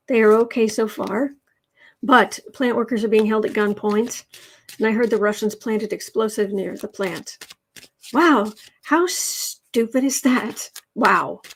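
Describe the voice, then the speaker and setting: A woman's voice: on the high side, unhurried, husky. A woman hosting a casual livestream tarot reading, chatty and rambling as she reads out viewer comments. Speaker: tarot reader and channel host.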